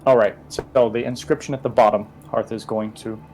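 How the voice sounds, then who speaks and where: A man's voice: on the low side, steady tone, normal speed, darkish tone, faint music behind. A man playing a tabletop game who describes his character's actions in a thoughtful, rambling way. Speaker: player.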